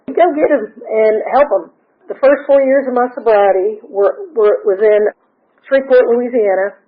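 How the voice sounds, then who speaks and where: A woman, speaking at a recovery meeting and telling her story with lively quoted dialogue and frequent laughs. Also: on the high side, normal speed. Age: 60s. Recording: tinny phone-line sound.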